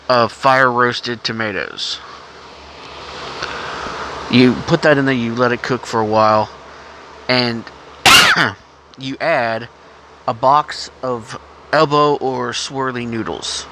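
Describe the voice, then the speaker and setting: A man's voice: medium pitch, steady tone, slow pace, long pauses, background noise. A man with a cough talking in a rambling, blunt, profane casual monologue, often stopping to cough. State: has a cough. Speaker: vlogger.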